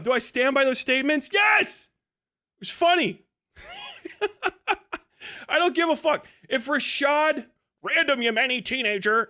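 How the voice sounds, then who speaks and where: A young man live-streaming a profane, mocking rant, shouting at times and laughing in bursts. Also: very high voice.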